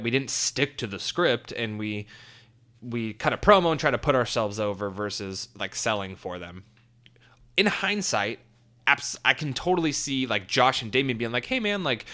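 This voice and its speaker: A man's voice: medium pitch, pushed and bright, smooth. A man in his twenties telling a story in a casual, rambling way, swearing a lot and full of fillers. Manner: profane, rambling, many fillers. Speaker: former wrestler telling a story.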